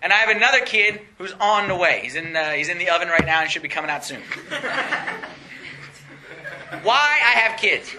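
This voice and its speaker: A young man preaching a sermon in an animated way, laughing often and rising to excited highs. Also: moderate pace, long pauses, noisy background.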